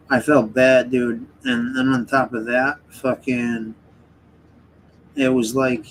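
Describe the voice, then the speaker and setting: A man's voice: fairly high pitch, slight background noise, poor audio. A man hosting a livestream in casual chat, rambling and swearing heavily as he rants. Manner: rambling and profane, heavy swearing; heated ranting. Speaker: livestream host.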